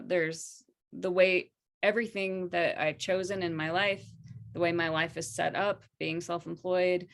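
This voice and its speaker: A woman coach in casual conversation, speaking gently and reflectively. Her voice sits slightly low, and she thinks ideas through aloud rather than insisting. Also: vocal fry. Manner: soft, reflective, exploring ideas. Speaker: interview guest, coach.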